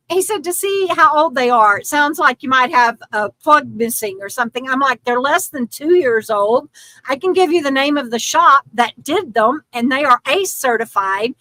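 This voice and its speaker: Bright-voiced older woman chatting frustrated. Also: high voice, dry recording, low-quality recording. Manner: rambling, frustrated, many restarts and fillers. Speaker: YouTube channel host. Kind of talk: casual livestream chat.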